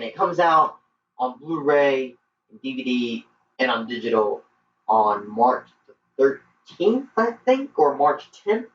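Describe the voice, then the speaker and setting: A man's voice: medium pitch, slight background noise. An eager man rambles through a casual movie review, full of ums and restarts. He sits some way off the mic in an echoey room, and the sound is dull and lo-fi. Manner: eager, rambling, many fillers. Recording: roomy, distant, dull lo-fi.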